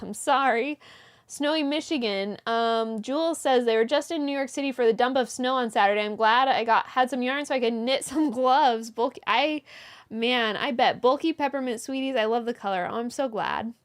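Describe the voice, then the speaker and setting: Woman host on a live stream with a high voice, reading viewer comments aloud and greeting each person by name. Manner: greets viewers by name, reads messages aloud, brief laughs. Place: indoors, small closet.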